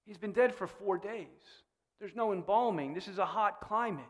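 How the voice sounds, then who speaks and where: Brief: a man doing a reluctant, grieving woman in a high-pitched, hesitant voice, with long church reverb. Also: normal speed, a bit bright.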